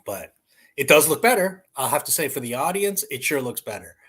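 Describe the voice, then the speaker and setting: A man talking casually to camera during an unboxing, rambling and swearing, with loud bursts of excitement, recorded at home on a camera mic. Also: on the high side, brisk, slightly rough, rough recording. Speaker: vlogger. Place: someone else's home. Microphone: external mic on camera.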